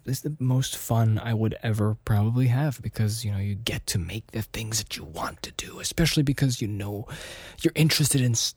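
A man's voice: medium pitch, lively intonation, a little fast, few pauses, darkish tone, dry recording, studio quality. A young man hosting a podcast alone in casual chat, slightly nasal, rambling and self-deprecating with many restarts. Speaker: podcast host.

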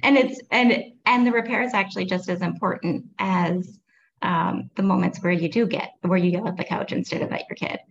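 A woman parent coach, a guest on a podcast interview, speaking in an animated way and acting out little scenes. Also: fairly low pitch, fairly quick, gravelly. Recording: slightly muffled with faint background noise.

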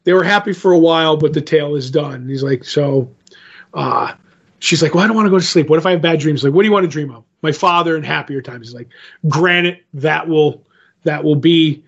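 A man's voice: on the high side, normal speed. A man co-hosting a podcast, casually retelling a comic book story in a rambling way and voicing the quotes with "he's like". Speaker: podcast co-host. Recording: dull lo-fi podcast audio.

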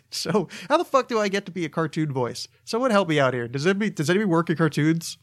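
A man's voice: fairly high pitch, animated, fast talker, few pauses, a bit bright. A man hosting a solo podcast, ranting casually with profanity, restarts and repeated words. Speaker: podcast host.

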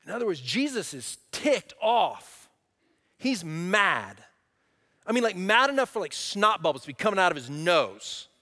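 A male pastor preaching conversationally, often restarting phrases, swinging between loud emphasis and quiet, soft moments. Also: high-pitched, big pitch swings, unhurried, in a large hall. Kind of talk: sermon.

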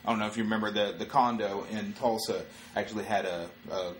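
Low-voiced middle-aged comedian guy, rambly podcast chat, bit of hiss behind. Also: fairly even intonation, fast. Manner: loose and rambling, with frequent filler words. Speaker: stand-up comedian, podcast co-host. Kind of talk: casual chat.

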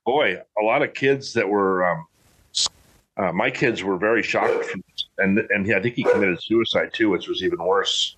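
A middle-aged man with a fairly low voice chats in a loose, folksy way. He rambles and restarts his sentences often. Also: normal speed, a bit bright, slight background noise. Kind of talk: casual chat.

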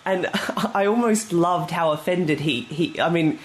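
A man hosting a relaxed film conversation, reflecting thoughtfully on a character with small hesitations. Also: on the high side, measured pace.

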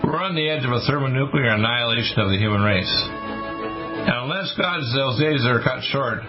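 A man's voice: mid-range voice, lively intonation, brisk, over music. A male radio talk show host giving a rambling, intense, preachy monologue about the end times. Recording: muffled lo-fi radio broadcast.

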